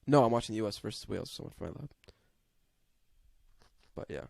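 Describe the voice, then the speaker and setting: Young man, laid-back slangy podcast host, gravelly voice, dry sound. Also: fairly low pitch, expressive, quick pace, a little mellow, no echo. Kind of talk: casual chat.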